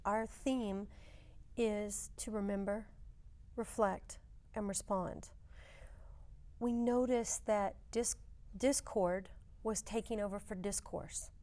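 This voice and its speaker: Casting: woman museum representative, composed interview guest, speaks in measured lists. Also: mid-range voice, warm tone. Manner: measured, list-like phrasing. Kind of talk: interview answers.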